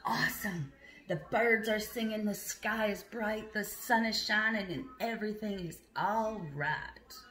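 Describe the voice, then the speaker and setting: Woman voices a grumpy little picture-book squirrel, slow, raised pitch. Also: fairly even intonation, fairly bright tone, a little hiss or hum, natural voice. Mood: happy.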